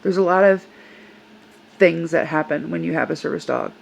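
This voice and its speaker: An older woman, a service dog handler, recounts a personal experience in a vlog, earnest and upset, quoting the voices of those involved. Her voice is low with vocal fry, at a normal pace, and the low-quality recording has slight background noise.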